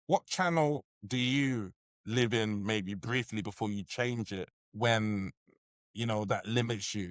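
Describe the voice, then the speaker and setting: A man's voice: medium pitch, no room sound, studio quality. A man hosting a podcast interview, asking questions with encouraging affirmations. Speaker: podcast host. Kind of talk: casual interview.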